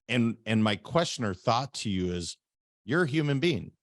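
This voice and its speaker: A man's voice: medium pitch, big pitch swings, moderate pace, dry recording, clean studio sound. A man hosting a podcast interview, talking earnestly and repeating words as he thinks aloud. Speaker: podcast host. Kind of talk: conversational interview.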